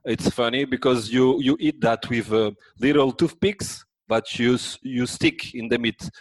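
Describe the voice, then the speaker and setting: A man with a French accent and a deep voice, chatting as a guest in a halting way, with many pauses and restarts. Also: no room sound, low-quality recording. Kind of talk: casual chat.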